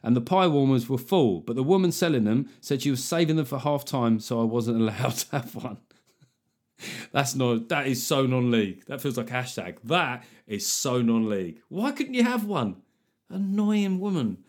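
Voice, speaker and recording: A man's voice: mid-range voice, moderate pace, darkish tone. Jokey man hosting a podcast. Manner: jokey, punning, conversational. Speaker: podcast host. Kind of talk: casual comedic chat.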